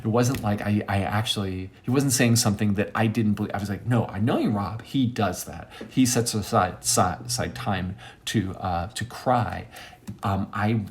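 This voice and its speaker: A man telling a rambling personal story in a casual monologue, acting out quoted friends with sudden high squeaks and dropping to quiet near-whispers. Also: moderate pace, slight background noise. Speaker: monologue host.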